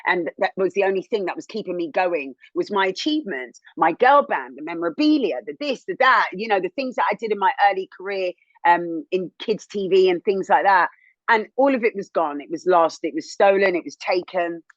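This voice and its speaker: A woman in her thirties, a TV presenter, telling her own story as an interview guest in a candid, animated way, rising high when indignant. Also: fairly quick, no echo, lo-fi sound. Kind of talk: emotional personal testimony.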